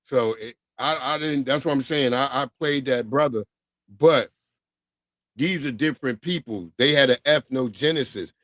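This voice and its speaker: A man's voice: mid-range voice, normal speed, fairly bright tone, no room sound. Blunt, laid-back livestream host man. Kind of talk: casual chat.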